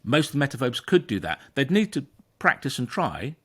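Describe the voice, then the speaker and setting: Brief: male therapist, emphatic explainer, average pitch. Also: moderate pace, husky. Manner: animated, emphatic, acts out inner voices. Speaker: therapist and podcast host. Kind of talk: conversational explanation.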